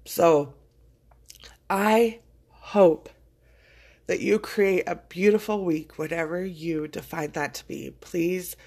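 A woman's voice: fairly low pitch, fairly even intonation, slow pace, pauses often, a little mellow. A woman hosting a podcast, talking in a casual, heartfelt motivational monologue, choked up with emotion and swearing freely. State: choking up with emotion. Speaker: podcast host.

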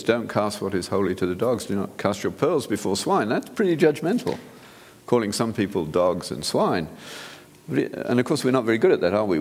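A man's voice: lowish voice, gravelly, big-room sound. A man, a physician, giving an earnest, direct sermon-style talk to an audience, often restarting his sentences. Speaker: physician speaker.

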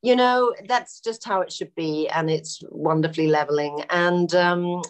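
A woman telling film-set anecdotes in a relaxed interview, often laughing as she talks. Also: on the low side, measured pace. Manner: animated, laughing storyteller. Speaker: actress guest.

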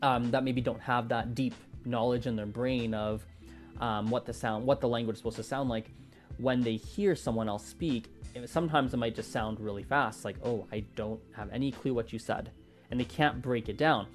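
Soft music plays behind a man whose mid-range voice holds steady at a normal speed. He makes language-learning content, and here he rambles casually through his views on learning languages, full of fillers and false starts.

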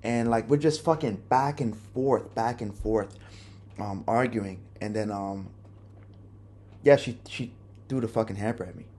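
A man's voice: on the low side, unhurried, dark tone. Man, young adult, podcast host, personal monologue, profane, candid, rambling.

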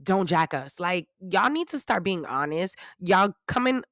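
Woman, New York accent, low voice, dry recording, sassy and animated, casual swearing. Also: unhurried, no echo. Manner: animated, sassy, swears freely, jumps into loud mocking voices. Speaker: podcast host. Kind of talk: casual storytelling chat.

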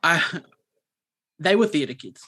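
A man, co-hosting a podcast and telling a story in a rambling, animated way with many restarts. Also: on the high side, slow pace, husky. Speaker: podcast co-host. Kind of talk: casual chat, storytelling.

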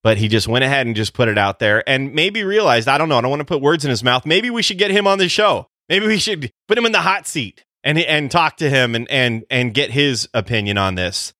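A man co-hosting a casual podcast, his voice bright and forceful. He jokes around with wry asides as they talk. The sound is dry and close to the mic. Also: mid-range voice, animated, brisk, hardly any pauses, dry recording. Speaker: podcast co-host.

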